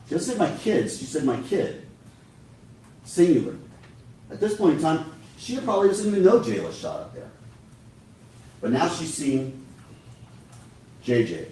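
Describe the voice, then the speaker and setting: A man with a medium-pitched, darkish voice delivers a prosecutor's closing argument, addressing the jury directly in an emphatic, persuasive, very animated way. He speaks at normal speed with long pauses. The echoey recording is captured from far off in a large courtroom, with slight background noise.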